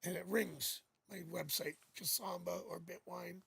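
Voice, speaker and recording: A man's voice: high voice, fairly even intonation, unhurried, creaky, fairly bright tone, slight background noise. A man hosting a live tarot reading, talking casually and rambling, joking as he goes, on a new studio microphone. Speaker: psychic tarot reader hosting a live stream.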